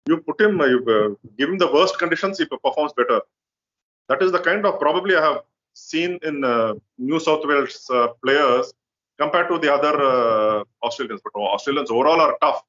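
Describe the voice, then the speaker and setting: A man with an Indian accent co-hosting a cricket chat, explaining in a measured, hesitant way. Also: medium pitch, pushed and bright, muffled recording. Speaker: co-host, cricket journalist. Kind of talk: casual cricket analysis.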